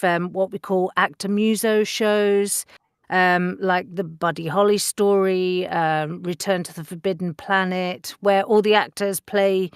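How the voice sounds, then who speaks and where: A woman, a voice actor chatting in an interview, filling pauses with ums and laughing easily. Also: on the low side, smooth, dry recording, studio quality. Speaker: voice actor guest. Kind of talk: interview conversation.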